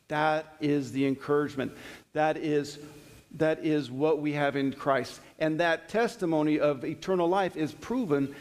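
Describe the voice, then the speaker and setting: A middle-aged man teaching a Bible study in a conversational sermon style, slowing down to read verses with emphasis. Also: fairly high pitch, darkish tone. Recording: long hall reverb.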